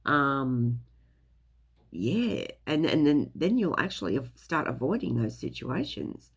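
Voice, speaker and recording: Gravelly rambling spiritual chat, swings up and down a lot, swears casually. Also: medium pitch, very animated, takes it slowly. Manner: rambling, chatty, loose swearing. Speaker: spiritual teacher. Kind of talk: casual explainer talk.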